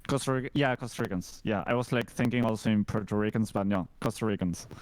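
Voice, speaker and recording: Argentine man guest, relaxed and agreeable, smooth voice, dry close mic. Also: lowish voice, fast, no room sound. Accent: Argentine Spanish. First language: Spanish. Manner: easygoing, agreeable, laughs readily. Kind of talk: casual chat.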